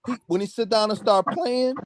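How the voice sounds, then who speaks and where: A man in a music business telling stories over a video call in a lively, casual way, acting out other people's voices and saying "man" a lot. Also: high voice, moderate pace. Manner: animated, acts out quoted voices, says "man" constantly. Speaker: music producer guest. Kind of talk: casual storytelling chat.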